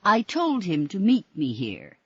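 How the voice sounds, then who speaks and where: A woman's voice: on the low side, huge pitch swings, measured pace, fairly bright tone, breathy edge, dry recording, highs cut off, pitched above the performer's own voice, heavily acted. A woman voicing a bewildered, vague elderly man patient. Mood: confused. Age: older.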